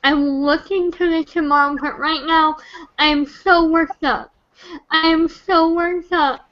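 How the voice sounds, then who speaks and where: Young woman, very high pitch, slow drawn-out speech, drunk, tearful, stammering, swearing, dull lo-fi voice chat. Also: steady tone. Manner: stammering, repeats herself, swears. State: tearful, on the edge of crying. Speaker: caller in an online chat room. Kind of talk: emotional rant.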